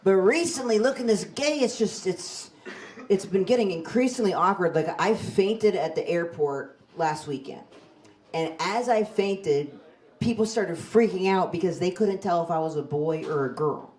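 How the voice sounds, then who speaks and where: A woman in her forties performing a stand-up set on a comedy club stage into a handheld mic, with a deadpan, self-mocking delivery. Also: on the low side, normal speed. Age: 40s. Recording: live club with loud crowd laughter. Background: audience laughing.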